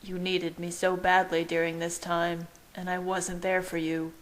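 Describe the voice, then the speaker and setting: A woman voicing a brooding, devoted young husband who speaks in a hushed, choked, apologetic way in her own low voice. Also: completely flat delivery, unhurried, natural voice. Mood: remorseful.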